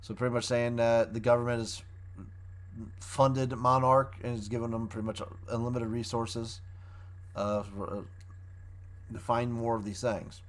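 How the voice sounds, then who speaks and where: A man's voice: medium pitch, level tone, moderate pace, pauses often. A man reviewing a show in a casual, rambling way, often restarting his sentences as he recaps the plot.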